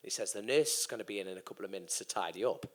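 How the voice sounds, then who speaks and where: A man's voice: low-pitched, very fast. A man in his thirties, a guest racer, telling a long sweary anecdote on stage at a live podcast event and acting out the voices of the people in it. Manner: swearing, acts out quoted voices. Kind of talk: animated live storytelling.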